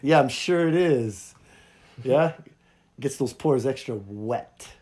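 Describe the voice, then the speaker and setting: Man, Hawaiian accent, podcast host, lively pitch, casual comic storytelling. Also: slow. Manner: animated, jumps between loud and quiet, acts out dialogue.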